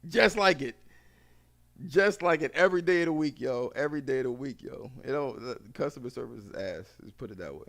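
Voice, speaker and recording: A man hosting a podcast who rambles through casual chat and swears freely. He talks at a mid pitch and laughs often. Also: expressive, brisk, gravelly, a bit bright. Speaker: podcast host.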